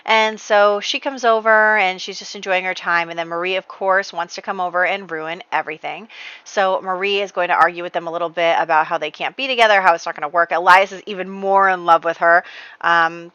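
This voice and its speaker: A woman's voice: lowish voice, fairly even intonation, fairly quick, pushed and bright, clean tone, no echo, highs cut off. A woman casually narrating her life-simulation gameplay as a chatty storyteller, full of fillers and asides. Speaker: Sims gameplay creator.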